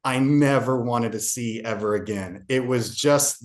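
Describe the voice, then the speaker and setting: A man's voice: medium pitch, a little slow, few pauses. A man guest on a podcast, earnestly recounting a personal story with frequent fillers and restarts. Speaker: podcast guest, real estate agent.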